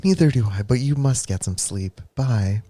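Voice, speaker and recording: A man's voice: mid-range voice, animated, moderate pace, mellow, slightly rough, dry recording. A man playing a devoted lover saying goodnight. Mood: tender. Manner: tender, reluctant goodbyes. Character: devoted middle-aged man on a late-night phone call.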